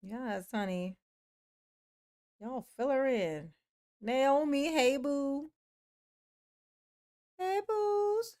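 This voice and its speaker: A young woman hosts a casual livestream and chats with viewers in a slightly high voice. She talks slowly and drawls her replies, with many "yes, honey" asides. She is playful and laughs often as she reads out names. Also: a little mellow, clear, resonant tone. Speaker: livestream host. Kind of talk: casual livestream chat, reading and answering a live chat.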